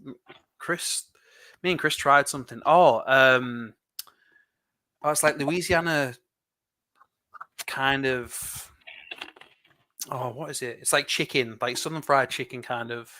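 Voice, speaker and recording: Bright-voiced chatty English man. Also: medium pitch. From England. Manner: chatty, rambling, quick laughs. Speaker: livestream co-host building LEGO. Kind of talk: casual chat.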